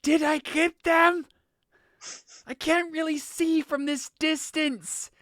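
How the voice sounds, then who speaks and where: GM doing a deafened woman rider in a tabletop game, loud, flustered, shouting, pushed up high, dry sound. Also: fairly even intonation, slow, no room sound. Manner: shouts loudly, not hearing herself.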